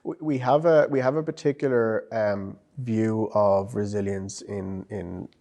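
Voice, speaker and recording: A man's voice: fairly low pitch, measured pace, vocal fry, warm tone. An Irish man, a psychologist and psychotherapist, talking through ideas in a conversational interview, often repeating words as he thinks. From Ireland. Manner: thoughtful, with frequent repetitions and restarts.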